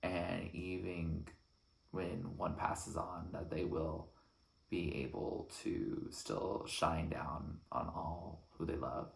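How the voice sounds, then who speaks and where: A man reacting to an album track by track, talking in an earnest, thoughtful way with frequent pauses between phrases. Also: low voice, flat delivery, gravelly, echoey room. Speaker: music reaction channel host. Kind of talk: reflective album reaction commentary.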